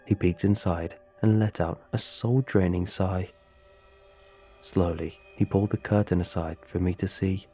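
A man narrating a horror story in a measured, somber, scripted delivery. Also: low-pitched, warm tone.

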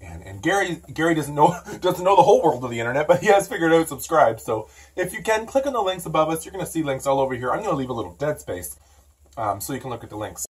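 A man hosting a comedy show outdoors, talking in a rambling, halting, gushing way that turns excitable. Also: fairly high pitch, husky, no room sound, recorded from a distance. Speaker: comedy show host in character. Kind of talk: mock-earnest outdoor comedy monologue.

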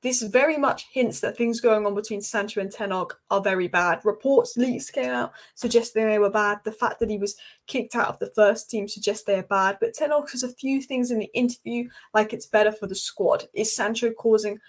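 A woman's voice: medium pitch, a little fast. A woman hosting a football channel, giving emphatic casual commentary and repeating her points.

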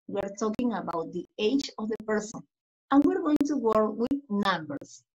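A woman teaching English to primary school children, going slowly through slides and repeating phrases for young learners. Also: medium pitch, expressive, background noise. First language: Spanish. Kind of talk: slide-by-slide lesson explanation. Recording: dull lo-fi recording.

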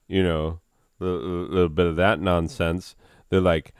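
A man's voice: low-pitched, fairly even intonation, slow pace, clear, resonant tone, dry recording, studio quality. A man, a father, breaking off into casual self-mocking asides while hosting a comedy reading. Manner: self-deprecating, mumbled asides. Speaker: comedic video host, father.

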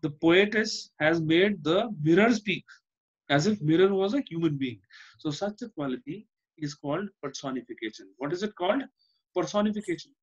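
A man's voice: on the high side, expressive, normal speed, husky, muffled recording. A male teacher with an Indian English accent, giving an online class and explaining by repeating himself and asking "Fine?". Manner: explains by repetition, often asks "Fine?".

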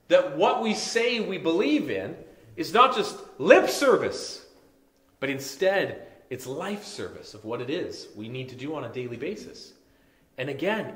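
A male pastor preaching a conversational sermon, dropping soft and low when reading scripture. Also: roomy sound. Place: church sanctuary.

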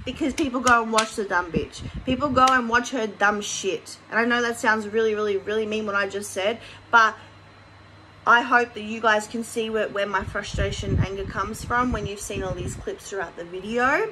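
A woman's voice: medium pitch, steady tone, normal speed, bright, forceful tone, poor audio. A woman hosting a commentary video, criticizing bluntly with some swearing. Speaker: commentary YouTuber. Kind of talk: commentary vlog.

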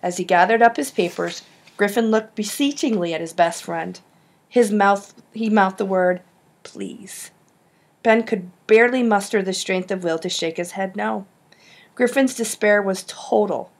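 A woman reading a children's novel aloud, with lively shifts in pitch on the dialogue. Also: normal speed. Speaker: audiobook reader. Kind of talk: storybook narration.

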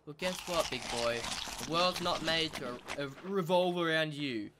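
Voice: mid-range voice, moderate pace. A gaming channel host, chatting through gameplay commentary and talking to the animals in the game. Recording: steady background noise.

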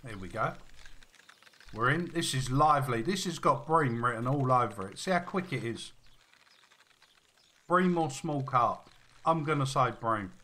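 Guy on a game stream, bright forceful voice, chatty, greets chat. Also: medium pitch, animated, a little slow, long pauses. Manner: chatty, reads viewer messages aloud, friendly greetings. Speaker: live-stream gamer. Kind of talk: casual live-stream chat.

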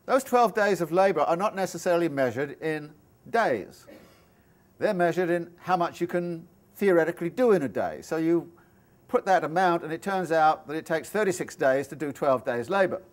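A man's voice: fairly high pitch, lively intonation, moderate pace. A male professor giving a university lecture, explaining ideas in a thoughtful, step-by-step way, with asides and restarts. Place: lecture room.

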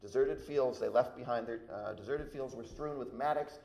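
A male university lecturer addresses an audience. He reads verse aloud with emphasis and breaks off for asides. His voice sits at a middle pitch and rings with the echo of a large room. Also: normal speed, vocal fry, darkish tone. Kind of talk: public farewell lecture with a verse reading. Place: lecture hall. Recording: echoey hall.

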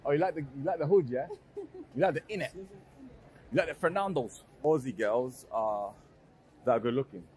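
A man's voice: mid-range voice, lively intonation, moderate pace, long pauses, a little mellow. A young man, bantering and teasing strangers on a busy in casual vlog style.

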